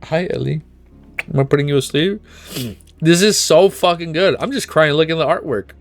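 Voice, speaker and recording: A man streaming at home, reading a webnovel aloud and reacting with emotional, excitable outbursts full of swearing. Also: on the high side, a little fast, faint music behind. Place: at home with his dog.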